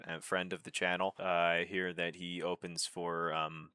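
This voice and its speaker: A man hosting his comedy review channel, talking casually with a relaxed, rambling manner and many filler sounds. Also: low voice, normal speed, very noisy. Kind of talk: casual video commentary.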